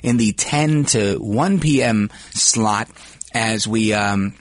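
A man's voice: lowish voice, slow, dry recording. A male talk radio host of Puerto Rican descent, delivering a brash, self-assured monologue in a studio. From United States, Puerto Rican descent. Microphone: studio microphone.

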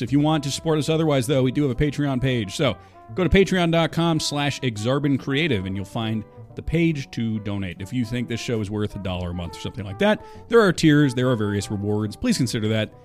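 Male podcast host, casual and self-deprecating, mid-pitched, faint music bed. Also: a little mellow. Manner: rambling, self-deprecating, wry. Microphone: studio microphone.

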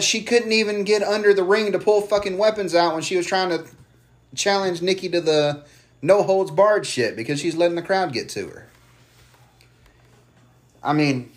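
A man talking in a loose, heated podcast rant. He swears often and now and then slips into mocking voices to make his point. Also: high voice. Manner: heated, swears freely, mocks wrestlers in put-on voices. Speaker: podcast co-host. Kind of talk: casual wrestling chat.

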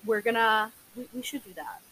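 A woman's voice: fairly high pitch, normal speed, a bit bright, slightly rough, low-quality recording. Young woman recounting crime news casually. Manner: filler-heavy, recounting case details. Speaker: podcast co-host. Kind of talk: casual true crime chat.

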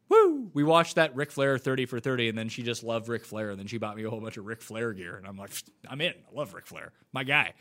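A man hosting a casual livestream Q&A, answering questions with quick, blunt replies and wisecracks. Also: high-pitched, fairly bright tone. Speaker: livestream host.

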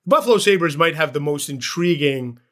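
A man's voice: a little high, animated, moderate pace. A man hosting a sports podcast, chatting casually and telling a story with animation. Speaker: podcast host.

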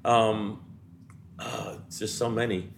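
A man's voice: on the low side, little pitch movement, slow pace, gravelly, a little hiss or hum. A middle-aged comedian telling stories about his own parenting in casual chat, acting out the voices of the people in them. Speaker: guest comedian. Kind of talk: casual storytelling.

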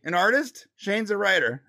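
Guy with a higher voice, animated casual chat, lots of restarts. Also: breathy edge. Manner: animated, restarts a lot, laughs. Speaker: co-host of a live pop culture show.

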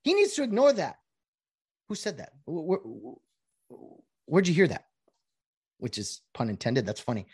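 A man riffs on sports officiating in a sarcastic, animated monologue, slipping into mocking impressions of other people. His pitch jumps around constantly. The recording is dry, with no room echo. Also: measured pace, pauses often, slightly rough. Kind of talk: casual opinion monologue.

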